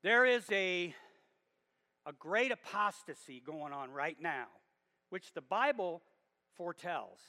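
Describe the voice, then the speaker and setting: A man's voice: sits high, bright, forceful tone. A man preaching a sermon to his church, talking directly to the congregation and pressing his points with emphatic bursts. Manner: emphatic, rising to bursts of volume. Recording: long reverb of a hall.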